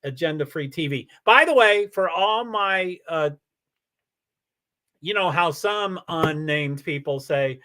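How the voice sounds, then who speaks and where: A man's voice: a little high, animated, slow pace, pushed and bright. A man hosting a casual livestream, answering viewer comments in a rambling way with many restarts. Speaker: livestream host.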